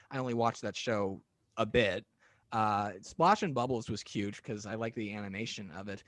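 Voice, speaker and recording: A man's voice: mid-range voice, no room sound. A young man in a mid-range voice hosts an interview in a chatty, eager way. His voice is dry and close, with no room sound. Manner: enthusiastic fan, chatty and conversational. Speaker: podcast host. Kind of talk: casual interview.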